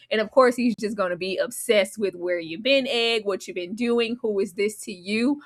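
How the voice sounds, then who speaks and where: A woman guest on a live episode discussion, talking in an animated, dramatic way with slangy asides. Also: medium pitch, normal speed, hardly any pauses. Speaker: guest co-host.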